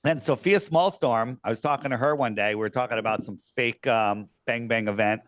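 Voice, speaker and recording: A man in a casual podcast chat, telling a long personal story at an average pitch. He rambles, doubles back and fills gaps with "um" and "you know." His voice sounds dry and close, with no room echo. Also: fairly quick, fairly bright tone. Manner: rambling, lots of fillers and restarts. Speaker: podcast guest.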